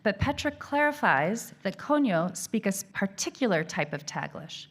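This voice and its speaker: A woman giving an academic keynote lecture, reading a prepared text in a measured way. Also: medium pitch, sing-song, a bit bright. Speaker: keynote speaker.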